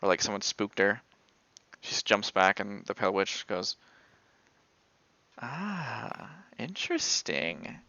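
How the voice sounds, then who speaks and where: A man's voice: lowish voice, completely flat delivery, moderate pace, sharp tone, clear, resonant tone, no echo, dull audio. A man narrating a tabletop game as game master in a rambling, filler-heavy way.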